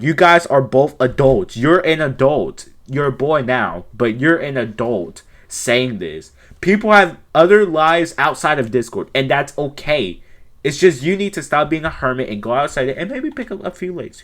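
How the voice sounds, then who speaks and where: A man's voice: fairly high pitch, very animated, a little slow, a bit bright. Exasperated young man ranting. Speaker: commentary video host. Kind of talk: ranting commentary over screenshots.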